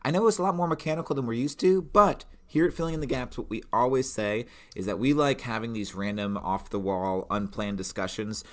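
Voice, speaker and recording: A man co-hosting a tabletop gaming podcast, pitching a scenario in a rambling, casual way with lots of fillers. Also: brisk, few pauses, a bit bright. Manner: rambling, many fillers and restarts. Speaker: podcast co-host, game master. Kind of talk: casual chat.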